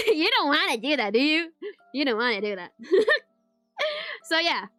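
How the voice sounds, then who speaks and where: A woman with a high, sparkly voice chats casually with viewers, answering their questions. She giggles often, rambles and restarts her sentences, and drops in Malay words along the way. Soft music plays faintly underneath. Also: sing-song, a little slow, no echo. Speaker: VTuber streamer. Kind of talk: casual Q&A chat.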